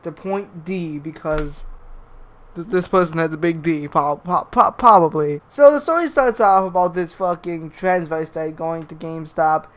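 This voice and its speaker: A man's voice: on the high side, normal speed, fairly bright tone. A young man commenting on clips, swearing constantly and stumbling over his words as he restarts them. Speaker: YouTube commentator. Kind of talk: profane rant commentary.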